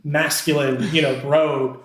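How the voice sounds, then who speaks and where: Speaking a little slowly with a flat delivery, a man whose voice sits on the high side and sounds fairly bright recounts a story as a podcast guest. The actor is from Scranton, Pennsylvania, USA, and his casual manner is chatty, self-deprecating and full of fillers and restarts, all in an echoey, roomy recording.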